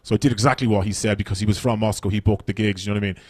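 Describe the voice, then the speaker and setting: A man's voice: lowish voice, steady tone, racing, dry recording. An Irish man doing stand-up comedy on a festival stage, brash and profane, rambling through his stories.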